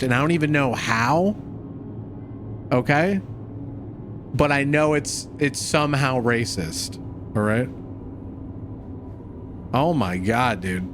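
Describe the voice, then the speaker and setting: A man's voice: mid-range voice, noisy background. A young man streaming a space game, giving casual commentary full of cursing, jokes and laughter. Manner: profane, joking, laughs often, calls everyone dude. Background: game music.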